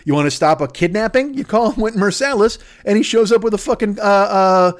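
A man's voice: sits high, brisk. A man riffing in a rambling, profane comedic monologue, slipping into silly voices.

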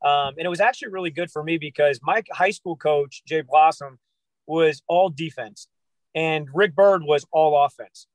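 A man's voice: fairly high pitch, moderate pace, dry recording, rough recording. An American man in his thirties, a guest telling stories in a casual podcast interview. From United States. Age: 30s. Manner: lively storyteller who acts out quotes. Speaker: guest, basketball trainer. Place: inside a car.

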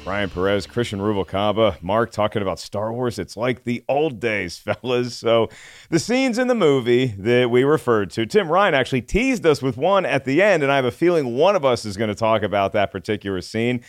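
A man's voice: mid-range voice, expressive, normal speed, no echo, studio quality. A man hosting a casual panel podcast, chatty and opinionated, with self-deprecating jokes. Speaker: podcast host.

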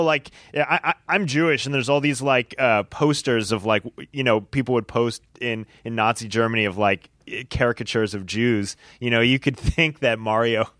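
Podcast guest, male, average pitch, halting speech, dry close mic. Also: fairly bright tone, no echo. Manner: hesitant, restarts often. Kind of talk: casual podcast chat.

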